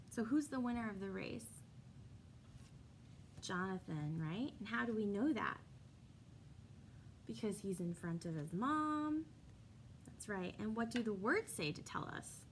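In this read-aloud story lesson, a young kindergarten teacher uses an expressive mid-range voice, speaking a little slowly with long pauses. She questions the children, answers for them, and adds chatty asides, with slight background noise behind her.

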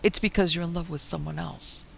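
A woman's voice: on the low side, steady tone, fairly quick, gravelly. A woman playing a proud, hot-tempered young wife. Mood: angry. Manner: trembling, heated. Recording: dull lo-fi recording with faint hiss.

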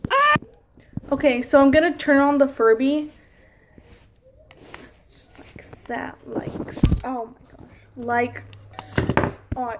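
A woman's voice: sits high, a little hiss or hum. A young woman filming a crafting vlog, flustered and laughing at her own slip-ups. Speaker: crafting vlogger. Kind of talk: casual blooper vlog.

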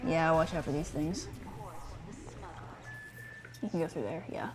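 A young woman co-hosting a let's-play, explaining the game to the player in a relaxed, filler-heavy way with casual swearing. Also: sits low, a little slow, soft background music. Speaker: co-host guiding the player.

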